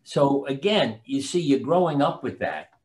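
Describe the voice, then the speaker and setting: A man's voice: medium pitch, big pitch swings, normal speed, a little mellow. An older man, a physician and author, telling long anecdotal stories as a guest in a casual interview and sometimes losing track of names. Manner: rambling anecdotal storytelling, forgets names.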